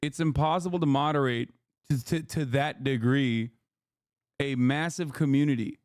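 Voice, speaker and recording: A man's voice: mid-range voice, normal speed, darkish tone, no echo, studio quality. A man hosting a livestream, ranting at his chat in an exasperated, profane way and repeating phrases for emphasis. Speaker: livestream host. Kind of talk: heated unscripted rant to chat.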